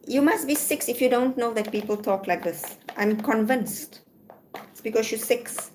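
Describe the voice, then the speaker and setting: Hosting a casual livestream from a home room in Malaysia, a South African woman sounds blunt and irritated, talking to herself while she checks messages. Her voice is a little high and darkish at a normal pace, with slight background noise.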